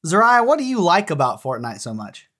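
A woman's voice: lowish voice, very animated, brisk, fairly bright tone. A woman hosting a casual podcast, teasing and encouraging her young guests. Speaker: podcast host.

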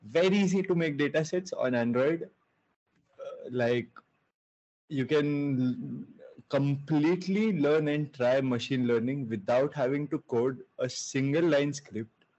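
A man's voice: medium pitch, unhurried, darkish tone. Young man on a lo-fi call. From India. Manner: laid-back, laughs often, searches for words. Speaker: guest entrepreneur. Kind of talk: casual video-call interview. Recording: dull lo-fi video call.

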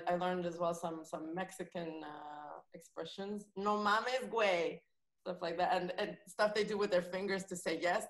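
A woman comedian chats as a podcast guest, spinning lively stories and breaking into laughter. Her voice sits a little low. The room is echoey around her. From France. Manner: chatty, laughs often, lively anecdotes. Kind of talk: casual podcast chat.

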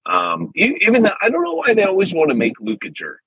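A man hosting a podcast in casual chat, animated and full of quick impressions. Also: sits high, breathy edge, no echo, rough recording. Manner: animated, jumps into impressions and loud exclamations. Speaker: podcast host.

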